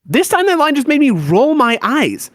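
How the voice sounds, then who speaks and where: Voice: high voice, wildly swooping pitch, moderate pace, fairly bright tone, no echo, studio quality, exaggerated voice. A voice actor playing a disillusioned teenage boy who rants sarcastically and with exasperation in a fan-made comic reading. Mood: ranting.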